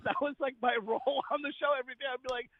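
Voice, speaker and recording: A man's voice: extremely high pitch, rapid-fire, no room sound. A man, a comedian, telling stories in a casual interview and acting out the people he quotes. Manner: animated storyteller, acts out quoted people. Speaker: comedian guest. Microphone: phone line. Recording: tinny phone line, dry.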